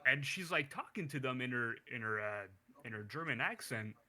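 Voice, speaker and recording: A man hosting a casual comic review podcast, rambling with restarts and excited bursts. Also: mid-range voice, normal speed. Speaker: podcast host.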